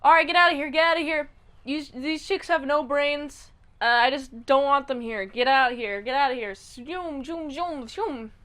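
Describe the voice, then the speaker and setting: A woman voicing a greedy, brash male gangster who has died, talking loud and impatient. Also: high voice, a little slow, clean tone. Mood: irritated.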